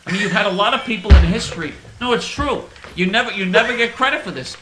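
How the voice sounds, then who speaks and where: A man's voice: high-pitched, quick pace, fairly bright tone, reverberant, slight background noise, rough recording. A male host delivering a sarcastic, rambling satirical monologue, stammering over his words.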